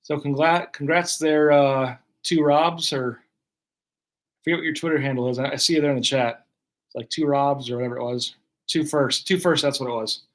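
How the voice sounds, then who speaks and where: Hosting a live card break, a man speaks at normal speed in a steady, mid-range voice. His casual live-stream commentary walks through each card pulled in a chatty play-by-play.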